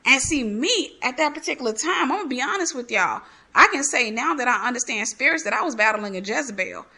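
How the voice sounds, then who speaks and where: Give me a woman with a bright, high voice sharing a candid testimony. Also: fairly quick. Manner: animated, candid, acts out dialogue. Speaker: ministry host giving testimony. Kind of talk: testimony storytelling.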